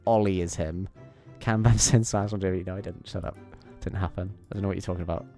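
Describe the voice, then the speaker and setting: A man's voice: low voice, steady tone, fast, mellow, faint music behind. A young man streaming a game from his bedroom, chatting playfully and rambling to his viewers. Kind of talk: casual chat while gaming. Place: home bedroom.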